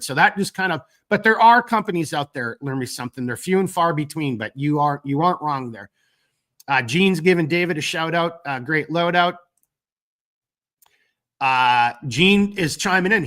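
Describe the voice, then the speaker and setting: A man's voice: a little high, pushed and bright. A man with a cold hosting a live stream, reading viewer comments in a rambling, casual way with frequent fillers and some cursing. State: fighting a cold. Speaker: gear company owner hosting a live stream.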